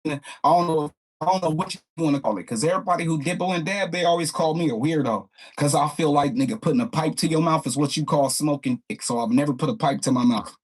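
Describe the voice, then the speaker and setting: A man talks in a loose, rambling way during a casual chat. His voice is husky and sits a little high. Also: fast.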